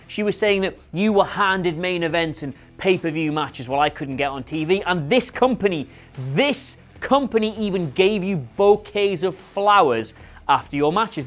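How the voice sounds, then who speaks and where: A man hosting a scripted wrestling rumour show, talking in a sarcastic, animated, rhetorical way. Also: high-pitched. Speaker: host.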